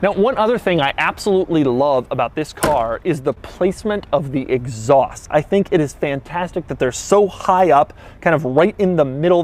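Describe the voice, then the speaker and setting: Guy doing a car walkaround, pitch bouncing all over, pretty excited, bit wry. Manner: enthusiastic, lively, wry asides. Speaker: car reviewer. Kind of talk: casual walkaround car review.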